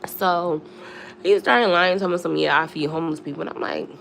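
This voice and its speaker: A young woman spills a storytime in loose, chatty talk, talking straight to her viewers. Her voice sits low with a gravelly edge, and it jumps up high whenever she quotes herself. There is a faint hiss under the recording. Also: fairly quick. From Philadelphia. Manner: animated, swings to high squeals when quoting herself, chatty asides to viewers. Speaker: storytime vlogger. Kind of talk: casual storytime chat.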